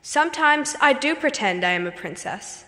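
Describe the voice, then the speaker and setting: A woman doing a steady, motherly young girl. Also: high voice, moderate pace, pitched above the performer's own voice. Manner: steady, soothing, composed. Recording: hall reverb.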